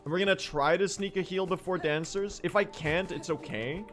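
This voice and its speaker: A young man streaming a speedrun, chatting casually, joking with chat, swearing and bursting into shouts. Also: high-pitched, moderate pace, faint music behind. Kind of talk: casual livestream commentary while gaming.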